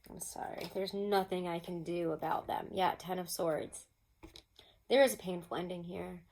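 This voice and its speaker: A woman giving a casual tarot reading at home, chatty and expressive, laughing often and throwing in mock-exasperated asides. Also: fairly low pitch, normal speed, slight background noise. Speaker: tarot reader.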